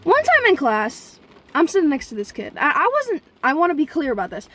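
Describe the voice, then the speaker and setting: This young female vlogger, high-voiced and brisk, tells a chatty, rambling story directly to her audience with wildly swooping pitch. Every so often she bursts out with abrupt profane outbursts.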